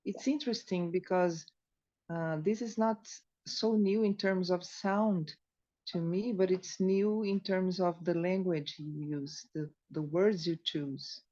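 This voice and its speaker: A woman's voice: on the low side, dark tone, muffled recording. A woman interpreting a singing class into Portuguese and adding her own comments. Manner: paraphrases into Portuguese.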